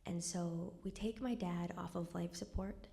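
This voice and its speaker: A woman's voice: on the low side, fairly even intonation, unhurried, creaky, dark tone. A young woman telling a true personal story live on stage at a cultural center, in a wry conversational way that drops to a near whisper at somber moments.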